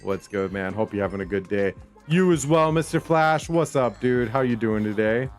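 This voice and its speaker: A man's voice: lowish voice, lively intonation, moderate pace, soft background music. A young man streaming a game from his room, chatting casually with viewers, calling them homies and brother in a laid-back slangy way. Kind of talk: casual live-stream chat while gaming. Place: home room.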